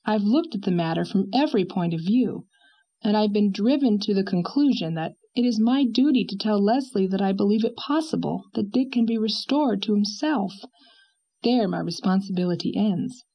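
An earnest young country doctor, steady and stubborn in his reasoning, as a woman reads him aloud. The voice is a little husky, and the lines come out measured and deliberate, like an audiobook character. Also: mid-range voice, highs cut off.

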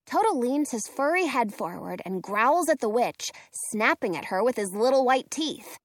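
Lively woman reading a storybook aloud. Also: fairly high pitch, normal speed, few pauses, dry recording, studio quality. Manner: expressive, lively delivery. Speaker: narrator.

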